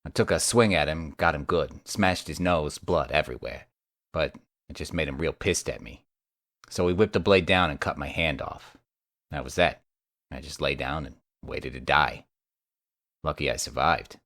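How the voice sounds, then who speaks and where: Croaky, battered young mage, very deep and gruff, swears bluntly, read by a male narrator. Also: moderate pace, a bit bright, dry recording, studio quality. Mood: weary. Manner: blunt and profane.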